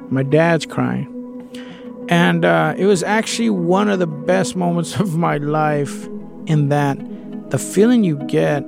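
A man with a slightly high, gravelly voice tells a personal story in a candid, conversational way, now and then swearing. Faint music sits quietly underneath.

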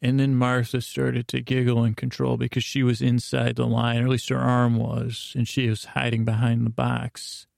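A man's voice: medium pitch, monotone, normal speed, creaky, hardly any pauses, a little mellow, no echo, studio quality. A man hosting a podcast, narrating a rambling bedtime story with lots of restarts and self-corrections.

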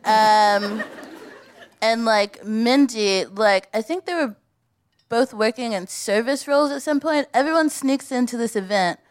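A woman co-hosting a live comedy podcast on stage, telling stories in an animated, giggly way. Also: fairly high pitch, measured pace. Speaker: co-host. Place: live stage before an audience.

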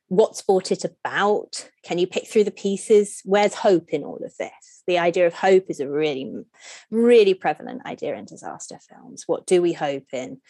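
A woman scholar speaking as a podcast guest, explaining at length. She talks in an animated way, leaps up in pitch when joking, and asks strings of rhetorical questions. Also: no echo. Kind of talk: podcast interview.

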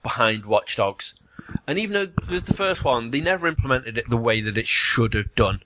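A man in casual chat about video games, an animated storyteller who swears and mimics voices. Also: medium pitch, moderate pace, no room sound.

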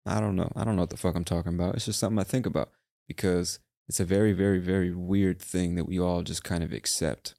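A man's voice: deep voice, brisk, creaky, warm tone, no room sound, clean studio sound. A young man hosting a podcast, talking alone in a casual, rambling rant full of swearing. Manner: rambling, profane, ranting. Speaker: podcast host. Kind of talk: casual solo monologue.

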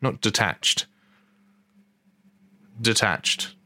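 A man's voice: fairly low pitch, extremely slow, bright, forceful tone. A man hosting a podcast, reading a news story aloud in casual comic chat, wry and freely swearing, stumbling and rereading lines. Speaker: podcast host.

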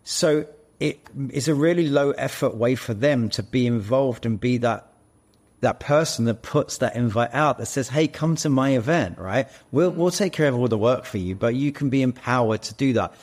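A man's voice: mid-range voice, moderate pace, darkish tone. A man who is an actor and co-founder, speaking as a podcast guest and telling stories animatedly. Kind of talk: casual interview.

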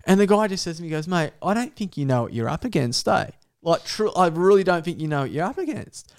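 A young man telling an animal story with animated energy, swearing and laughing as he goes. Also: a little high, quick pace. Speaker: guest storyteller. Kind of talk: casual podcast storytelling.

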